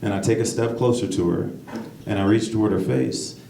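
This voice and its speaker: A man doing a stand-up comedy set, rambling and correcting himself, with sudden jumps into high-pitched bursts. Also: fairly even intonation, brisk, vocal fry, warm tone, distant mic. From United States. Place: comedy club stage. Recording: echoey club recorded from afar, noisy. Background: audience laughter.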